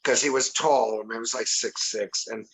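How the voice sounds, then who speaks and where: Older male guest, sixties, bright tone, chatty and rambling with many restarts. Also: medium pitch, steady tone, moderate pace, slightly rough, rough recording. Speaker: podcast guest. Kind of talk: casual chat.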